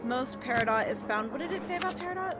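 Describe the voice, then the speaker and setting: A woman's voice: high-pitched, animated, quick pace, loud music behind the voice. A woman co-streaming a game in casual chat, playful and exclamatory, often laughing.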